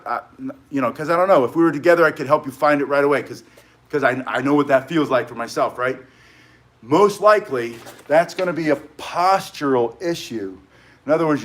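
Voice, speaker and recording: A middle-aged man runs a casual martial arts lesson from his studio, his voice sitting a little high for a man. He chats with viewers as he goes and keeps drifting onto side stories before coming back to the technique. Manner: rambling, chatty, goes off on tangents. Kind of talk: casual live tutorial, chatting with viewers.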